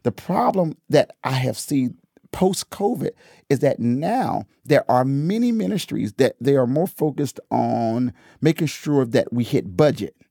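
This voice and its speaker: Chatting about church on his podcast, a man slides into preaching mode, laughing a lot and repeating phrases to drive points home with animated energy. His mid-range voice is creaky and measured, and the studio sound is clean with no room sound.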